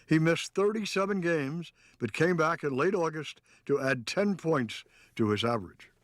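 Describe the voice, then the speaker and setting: A man giving scripted documentary narration in a measured, storytelling way. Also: a little high, animated, no room sound.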